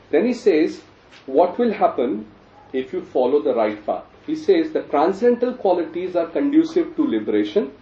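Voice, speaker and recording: A man teaching a scripture class, animated, putting questions to the listeners with sarcastic asides. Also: fairly high pitch. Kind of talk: scripture study lecture. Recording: distant roomy lo-fi recording.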